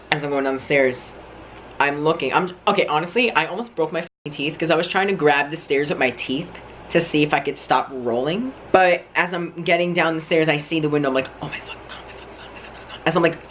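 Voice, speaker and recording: A man's voice: a little high, a bit bright, a little hiss or hum. A young man telling a dramatic story-time vlog, cursing constantly and filling his talk with "like". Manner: profane, dramatic storyteller, heavy use of "like". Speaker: vlogger.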